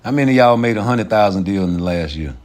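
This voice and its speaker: A man's voice: lowish voice, quick pace. Profane man ranting on a livestream. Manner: profane, animated, laughs often. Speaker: livestream host. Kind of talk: casual livestream rant.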